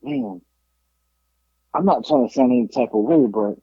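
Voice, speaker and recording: A man from South Florida co-hosts a podcast, telling a story in casual chat while acting out quotes and swearing freely. His voice is husky and medium-pitched at a moderate pace, recorded with no echo and the highs cut off.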